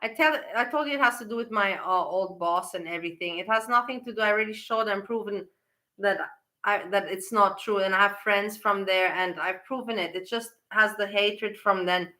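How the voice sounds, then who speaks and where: A woman's voice: mid-range voice, moderate pace, bright, forceful tone. A woman commenting on a stream she is watching, talking in an exasperated, scolding way and swearing often. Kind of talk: casual reaction commentary.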